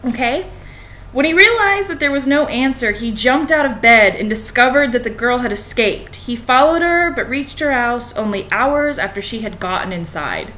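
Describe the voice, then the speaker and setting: A woman's voice: a little high, lively intonation, normal speed, bright, forceful tone, a little hiss or hum. A young woman, a college student, casually reading a fairy tale aloud with sarcastic, profane asides. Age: young adult.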